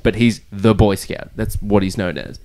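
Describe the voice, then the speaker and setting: A man's voice: lowish voice, normal speed, a little mellow. A man in his thirties hosting a podcast in casual chat, laughing often, swearing and rambling. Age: 30s. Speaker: podcast host.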